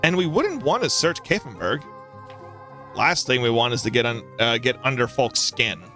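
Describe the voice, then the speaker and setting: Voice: mid-range voice, lively intonation, normal speed, sharp tone. A let's-play streamer voicing a worried, folksy village man in a story game, over faint music. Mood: concerned.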